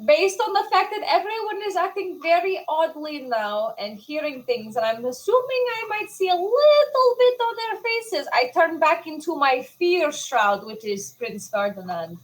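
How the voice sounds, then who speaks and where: A woman player in a tabletop game who describes her moves slowly and deliberately. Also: extremely high pitch, very animated, rough recording.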